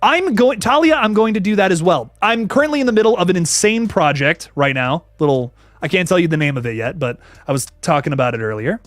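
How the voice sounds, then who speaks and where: A young man hosting a casual horror livestream, slangy and animated, thanking viewers by name as he reads the chat. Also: high voice, fairly quick, dry recording. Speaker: horror channel host reading live chat.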